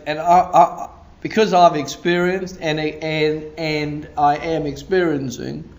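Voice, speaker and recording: Animated pastor preaching, laughing often. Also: male voice, on the high side. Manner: animated, laughing often, acting out little scenes. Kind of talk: sermon. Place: church.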